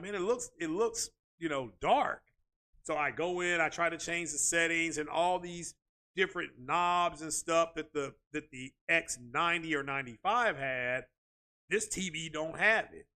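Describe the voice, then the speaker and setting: A man with a high, bright and forceful voice rants through casual tech commentary. He talks in an animated, repetitive way and keeps coming back to "you know" as a filler. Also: clean tone. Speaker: tech video host.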